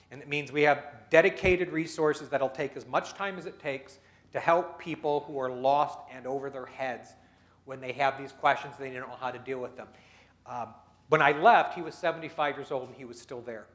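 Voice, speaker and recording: Delivering a dinner-meeting keynote at a moderate pace, this man has a mid-range voice. Between guiding the audience through exercises, he shares stories and voices the people quoted in them.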